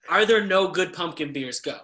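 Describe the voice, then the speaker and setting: A man's voice: sits high, bright, forceful tone. A man co-hosting a live podcast, teasing and joking in casual chat. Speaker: podcast co-host.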